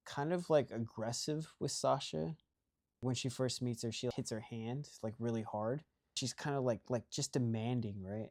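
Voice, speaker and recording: A young man talks through a movie plot in an easy, unscripted way. He rambles, restarts his sentences and keeps checking in with "right?". His voice sits at an ordinary middle pitch. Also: a little mellow. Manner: rambling, heavy use of "like" and "right?". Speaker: movie recap host. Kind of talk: casual movie plot recap.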